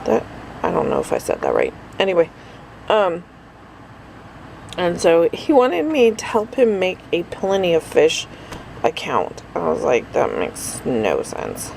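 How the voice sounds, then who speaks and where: A middle-aged woman talks through her day in a loose, rambling vlog, sounding tired. Her voice has a gravelly rasp, with a faint hum of noise behind her. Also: lowish voice, huge pitch swings, measured pace, long pauses, a little mellow, rough recording. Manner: rambling, chatty, lots of fillers. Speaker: vlogger. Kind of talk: casual daily vlog chat.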